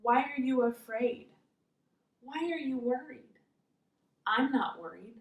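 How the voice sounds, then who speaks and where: A woman voicing a calm, resolute adult male apostle in a plain, steady way, heard in an echoey room from a distance. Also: high voice, slow, dull audio, pitched above the performer's own voice. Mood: reassuring. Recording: roomy echo, mic far off.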